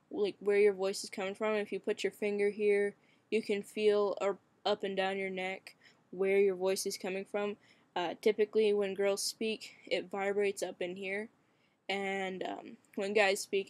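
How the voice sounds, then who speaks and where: A man's voice: high voice, no room sound. Hesitant young man, cracking voice. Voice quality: voice cracks and turns shaky. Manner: hesitant, many fillers, frequent swearing. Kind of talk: casual webcam vlog.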